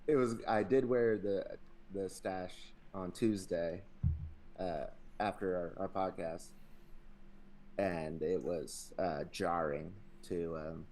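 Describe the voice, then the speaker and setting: A man's voice: sits low, takes it slowly, a little mellow, a little hiss or hum. A young adult man hosting a podcast in casual chat, rambling, swearing freely and laughing often. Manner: rambling, profane, laughs a lot. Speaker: podcast host.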